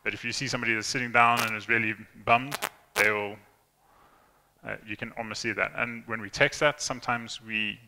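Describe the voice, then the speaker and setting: A young man with a fairly low, creaky voice and a sharp tone delivers a chatty, informal tech talk at a conference. He relies on many fillers and restarts and acts out quotes, and the hall around him is reverberant.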